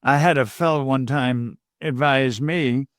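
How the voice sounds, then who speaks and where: An older man from Georgia, a communication coach guest, giving measured, deliberate advice in points. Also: medium pitch, no room sound, clean studio sound. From Georgia, USA. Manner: measured, deliberate, lists points and quotes sayings.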